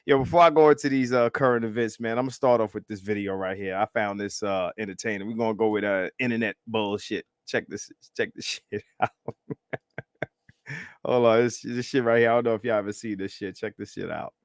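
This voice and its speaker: A man hosting a live stream, reacting to clips in a profane, animated, repetitive way and laughing often. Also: lowish voice, brisk, dry recording, studio quality. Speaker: livestream host.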